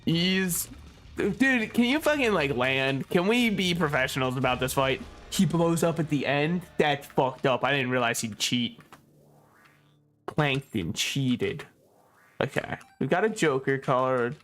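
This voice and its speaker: Fairly high-pitched and animated, this young streamer talks through his gameplay unhurriedly in a bit of a bright tone. His casual commentary is full of jokes, sarcasm, frequent laughter and free swearing, over faint game music.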